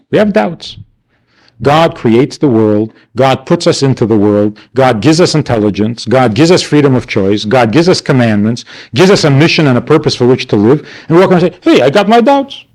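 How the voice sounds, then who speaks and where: A rabbi gives a class with a lively pitch that swings up and down. He speaks rhetorically and plays out the voices of the people he quotes. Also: moderate pace, few pauses. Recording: archival 1992 class recording.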